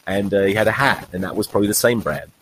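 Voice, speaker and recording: A man's voice: fairly low pitch, quick pace, a bit bright, slight background noise, rough recording. A man in his forties hosting a podcast, telling a rambling, wry comic monologue and swearing freely. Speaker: podcast host. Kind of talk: comedic monologue.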